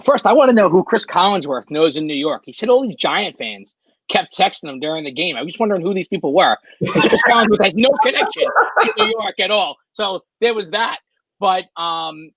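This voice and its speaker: A man's voice: a little high, fairly bright tone, dry recording, highs cut off. A man co-hosting a sports talk show, rambling and hesitating as he gives his opinion. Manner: rambling, hesitant, with many fillers. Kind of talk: casual sports discussion.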